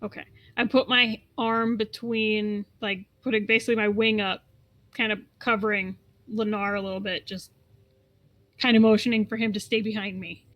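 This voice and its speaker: A woman's voice: mid-range voice, little pitch movement, moderate pace, highs cut off. A woman playing a tabletop game, talking hesitantly and breaking off mid-sentence. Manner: hesitant, stops and restarts. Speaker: player. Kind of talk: casual tabletop play.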